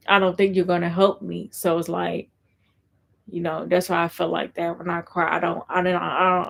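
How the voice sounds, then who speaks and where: A woman's voice: lowish voice, gravelly. A woman vlogger in casual live-stream chat, rambling and repeating herself with lots of fillers. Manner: rambling and repetitive, heavy fillers.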